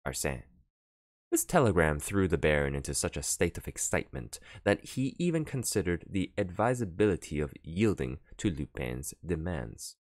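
A man narrating a classic novel as an audiobook, in an expressive, theatrical reading. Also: low voice, moderate pace, few pauses, dry recording, studio quality.

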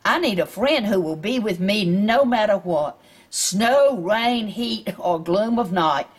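A kind mail lady offers a stray dog a home in a slow, soft, slightly husky voice, as a woman reads her note aloud from a picture book. She sounds gentle and affectionate. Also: medium pitch, animated. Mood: tender. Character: kind female letter carrier writing a warm note.

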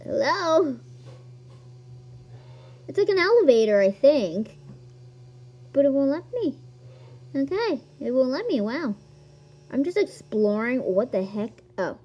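A woman giving casual gameplay commentary as a video host, excitable and quick to gasp at new things. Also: a little high, slightly rough, highs cut off. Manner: excitable, gasps and squeals at discoveries.

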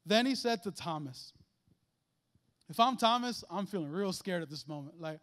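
A man preaching a lively, conversational sermon in a church, joking and acting out little voices and asides. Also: high-pitched, moderate pace. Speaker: guest preacher. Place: church sanctuary.

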